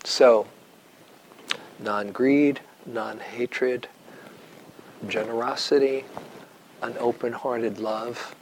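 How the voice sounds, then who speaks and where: A man giving a dharma talk to retreat students, telling stories in a slow, reflective way with long pauses. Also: mid-range voice, fairly even intonation, a little hiss or hum, rough recording. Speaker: meditation teacher.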